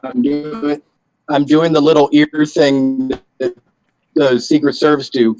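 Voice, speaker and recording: A man describing his character's actions in a tabletop game, in a slow, hesitant way. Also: fairly high pitch, steady tone, a little mellow, faint music behind, poor audio. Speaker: player.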